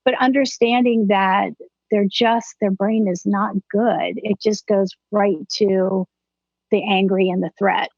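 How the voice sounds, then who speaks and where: A woman's voice: mid-range voice, fairly even intonation, takes it slowly, darkish tone, no room sound. Explanatory middle-aged woman psychologist, muffled. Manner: explanatory, uses everyday analogies. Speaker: psychologist guest. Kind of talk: conversational interview. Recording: dull, slightly muffled audio.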